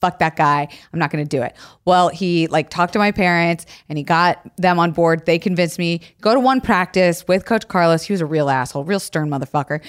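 A young woman co-hosting a podcast, telling a story in casual chat and swearing freely. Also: brisk. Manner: swearing, gets loud and high when acting out her story. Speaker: podcast co-host.

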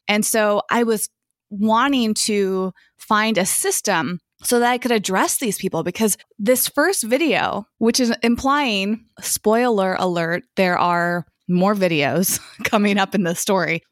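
A woman's voice: medium pitch, no room sound, clean studio sound. A woman co-hosting a podcast, talking in a chatty, casual way and laughing now and then. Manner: chatty, laughs often, self-described organized type A. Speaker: podcast co-host.

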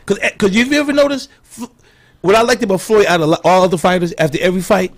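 A man with a high voice and a quick pace, telling stories in a loose, profane chat. He acts out the people in his stories as he goes, a comedian holding the floor. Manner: animated, profane, acts out quotes in others' voices. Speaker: comedian guest. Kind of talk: casual storytelling chat.

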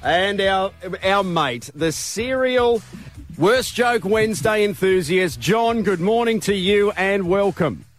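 A cheery Australian man hosting breakfast radio, his voice pitched high and quick with banter. He laughs big at callers' jokes. Music plays clearly under him. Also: expressive. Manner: jovial, laughs loudly at callers. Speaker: radio breakfast show host.

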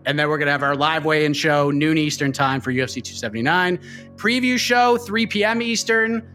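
A man hosting a casual fight show, playful and energetic, running a game and plugging upcoming shows. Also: a little high, brisk, soft background music. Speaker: host.

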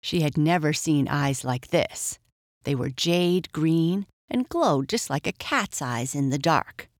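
A woman reading a children's storybook aloud in an expressive, measured way. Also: low voice, no room sound, clean studio sound.

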